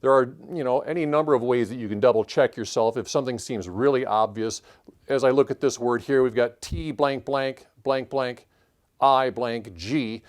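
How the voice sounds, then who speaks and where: A man hosting a puzzle channel, thinking aloud as he calls out letters and clue numbers in a measured solve-along walkthrough. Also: medium pitch. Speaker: puzzle-solving channel host.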